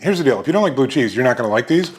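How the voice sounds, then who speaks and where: Expressive and rapid-fire, the snack review host, an American in his fifties, chats through a casual chip vlog with a mid-range voice. He's upbeat and full of happy exclamations, with slight background noise behind him.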